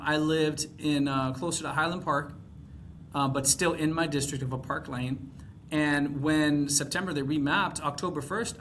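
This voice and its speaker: A man's voice: on the high side, a bit bright, slight background noise. A man from Texas, a congressional candidate, talking in a casual podcast conversation, rambling with frequent fillers and restarts.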